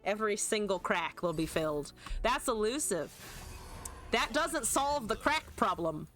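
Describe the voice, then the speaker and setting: A woman's voice: mid-range voice, animated, unhurried, fairly bright tone, soft background music. A woman streamer chatting casually and joking at her own expense while she plays a card game, swearing now and then. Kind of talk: casual gameplay commentary.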